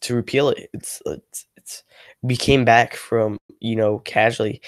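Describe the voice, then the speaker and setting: A man's voice: mid-range voice, steady tone, a little slow, dry recording. A man ranting casually on a livestream, rambling and frustrated, with lots of filler words and free swearing. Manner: swears freely. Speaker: ASMR channel creator, livestreaming.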